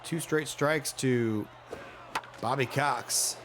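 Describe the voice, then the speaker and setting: Guy in his 30s calling a baseball video game, jokey and chatty, mid-pitched voice, noisy hissy recording. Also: drawn-out words. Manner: chatty, joking play-by-play with excited outbursts. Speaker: play-by-play commentator. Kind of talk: casual video game commentary.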